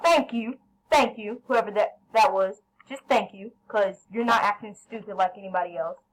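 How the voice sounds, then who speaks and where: A woman commentating her own gameplay, excitable, yelling at teammates and then apologizing. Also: mid-range voice, moderate pace, poor audio. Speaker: gaming channel host.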